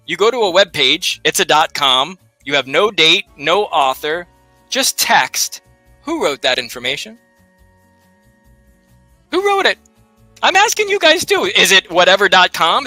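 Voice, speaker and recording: Man, high bright voice, animated casual host, lots of rhetorical questions, dry close sound. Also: dry recording. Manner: animated, peppers talk with rhetorical questions and jokes. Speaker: librarian co-host of a live research show. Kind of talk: casual live instructional chat.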